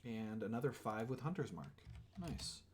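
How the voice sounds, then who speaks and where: A man's voice: medium pitch, lively intonation, normal speed, a little mellow, a little hiss or hum. A man running a tabletop game as game master, casual and apologetic, with many fillers.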